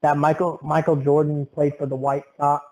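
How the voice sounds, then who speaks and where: A playful young man co-hosts a casual podcast and tells stories, teasing and laughing as he talks. His voice is high yet warm and mellow. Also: flat delivery, moderate pace, poor audio. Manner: playful, teasing storyteller who laughs often. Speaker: podcast co-host. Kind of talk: casual chat.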